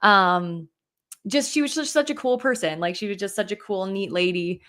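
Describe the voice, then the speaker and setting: A young woman co-hosting a podcast talks at normal speed in a medium-pitched, fairly bright voice. Chatting casually, she tells a personal story with open emotion and plenty of "like" fillers.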